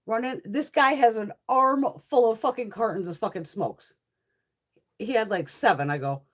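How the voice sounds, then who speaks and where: A woman's voice: a little high, normal speed. A woman from Connecticut chatting as a beauty haul vlogger, telling a story casually, swearing constantly and laughing as she talks. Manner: swears constantly, laughs through her stories.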